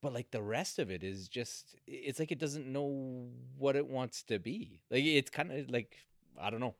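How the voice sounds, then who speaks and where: A man's voice: mid-range voice, moderate pace, no room sound, studio quality. A man co-hosting a casual round-table podcast, talking thoughtfully and trailing off mid-sentence. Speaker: podcast co-host.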